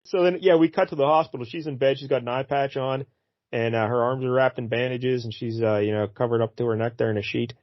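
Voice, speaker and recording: A man's voice: mid-range voice, fast talker, no echo, lo-fi sound. A man co-hosting a casual comic book talk, retelling the story and briefly acting out characters' lines. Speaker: podcast co-host.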